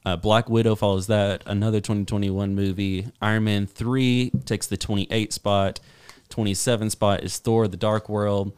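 A man hosts a podcast in a low, smooth voice, steady and measured as he talks and reads a list. The sound is dry, with no room echo. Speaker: podcast host. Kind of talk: casual podcast chat and reading a list.

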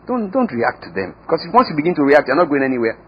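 A man preaching a sermon as pastor, emphatic, with sudden swings in loudness and pitch and repeated words. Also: sing-song, quick pace, highs cut off, slight background noise.

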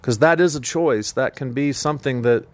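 A man's voice: mid-range voice, normal speed, no echo. A man hosting a Christian teaching podcast, talking in an earnest, emphatic preaching manner. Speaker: podcast host.

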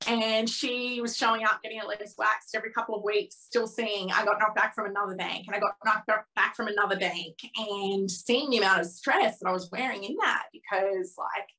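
A woman's voice: medium pitch, steady tone, fairly quick, hardly any pauses, sharp tone, rough recording. A woman in her thirties as a podcast guest, telling a frank, emotional personal story with lots of fillers.

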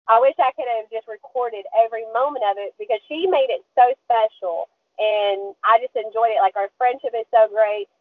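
Young woman podcast guest calling in by phone, bright high voice, animated and giggly. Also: dry recording. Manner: lively, laughs often, squeals when quoting. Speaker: podcast guest, kayak angler. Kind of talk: casual storytelling interview. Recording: tinny phone-line audio.

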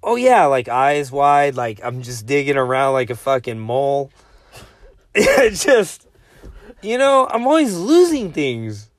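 A man's voice: medium pitch, huge pitch swings, a little slow, dry recording. Loose, swearing guy saying dude nonstop. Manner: loose, swearing, says dude constantly, laughing. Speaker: podcast host. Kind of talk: casual late-night chat. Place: outdoors in front of a house.

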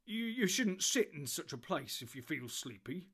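A man's voice: a little high, very animated, moderate pace, fairly bright tone, breathy edge, voice pushed up, heavily acted. A man voicing a loyal, plain-spoken male hobbit servant with a rustic, blunt manner. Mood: determined.

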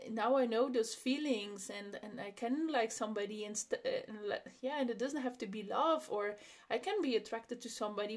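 Young woman, solo podcast host, a little high-voiced, candid and reflective, laughs easily. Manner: open, personal, laughs often, many restarts.

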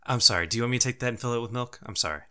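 A man's voice: medium pitch, very fast, pushed and bright, smooth, pitched above the performer's own voice, lightly acted. A man voicing a nervous, overly deferential male goblin servant who stammers and apologizes constantly. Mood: apologetic. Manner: stammering, apologetic, keeps repeating honorifics.

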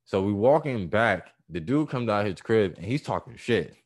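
A man casually telling a story full of profanity, animated and acting out the people in it. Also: on the low side, moderate pace. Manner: profane, animated, acts out voices and laughs.

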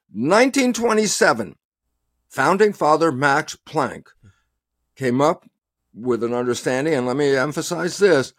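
A man's voice: medium pitch, no room sound. Emphatic man, dry close sound. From United States. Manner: animated, emphatic, quotes himself often. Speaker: guest scientist. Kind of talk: passionate interview talk.

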